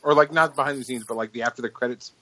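A man chatting casually on a podcast, hesitant and self-correcting, quick to laugh. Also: mid-range voice, fairly bright tone, poor audio. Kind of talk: casual chat.

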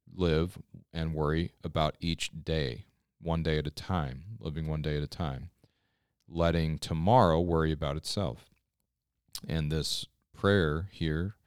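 A man's voice: extremely low pitch, clean tone, no room sound, clean studio sound. A man, a pastor, giving an earnest, conversational scripture devotional on a podcast and often checking in with listeners.

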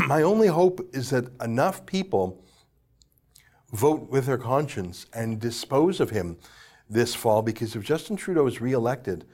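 A man talking politics with blunt scorn, pressing each point hard. His voice sits at an ordinary middle pitch, and he stumbles into restarts as he builds up steam. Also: big pitch swings, measured pace, darkish tone. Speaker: political commentator. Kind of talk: opinionated political talk.

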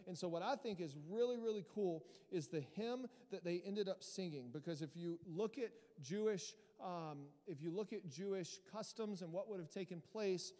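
A man with a fairly high voice preaches a sermon in a church hall, his words trailing off into a long reverb. He talks in a lively, emphatic way and builds to loud peaks. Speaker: pastor.

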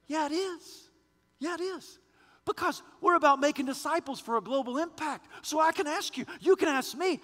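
A man's voice: very high voice, moderate pace, fairly bright tone, long reverb tail. A man pastor preaching a sermon with rising fervor, posing questions to the congregation.

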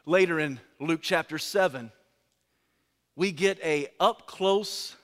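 A man preaching a sermon in a dramatic way, swinging from loud pleading to hushed lines. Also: fairly high pitch, slow. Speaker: pastor. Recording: long hall reverb.

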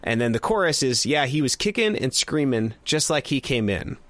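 A man's voice: medium pitch, sing-song, moderate pace, a bit bright, no echo. A man co-hosting a casual music review chat, rambling with lots of fillers and frequent laughs. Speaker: podcast co-host.

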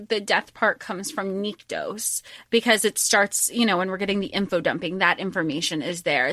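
A woman co-hosting a book podcast in casual chat, talking in halting bursts with frequent restarts and easy laughter. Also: lowish voice, bright, forceful tone, no echo, studio quality. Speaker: podcast co-host.

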